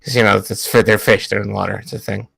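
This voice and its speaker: A man's voice: on the low side, flat delivery, fast talker, creaky, fairly bright tone, slightly rough, no echo. A man playing a tabletop game, voicing his character in a rambling, hesitant, goofy way. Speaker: player.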